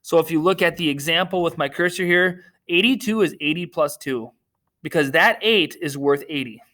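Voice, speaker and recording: A man's voice: a little high, moderate pace, pushed and bright. A man teaching a recorded remote math lesson to children, upbeat, cracking corny jokes and teasing himself, talking through a screen share.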